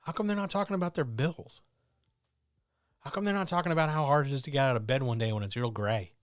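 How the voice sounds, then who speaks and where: A man's voice: mid-range voice, quick pace, no echo, studio quality. A man hosting a stream, giving a blunt, earnest, motivational talk into a microphone at home with his cats, swearing freely. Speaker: streamer host. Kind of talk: candid motivational monologue. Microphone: talking into a microphone.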